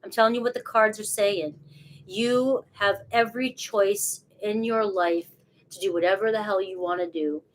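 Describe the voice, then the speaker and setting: A woman's voice: medium pitch, fairly even intonation, normal speed, slight background noise. A woman with a Boston accent, reading tarot cards live in a casual, chatty way and swearing freely. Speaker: tarot reader.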